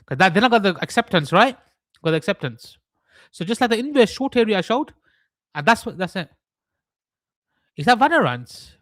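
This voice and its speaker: A man's voice: high voice, very animated, normal speed, long pauses, fairly bright tone, no echo. A young man hosting a live trading stream, mixing chart analysis with rambling, mock-serious joking rants.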